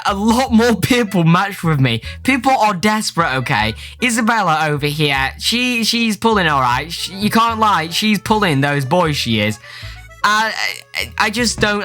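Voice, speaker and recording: Man, bright edgy voice, fairly high, sarcastic, stumbling, comedy vlog, faint music behind. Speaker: YouTuber. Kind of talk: comedic reading of chat messages.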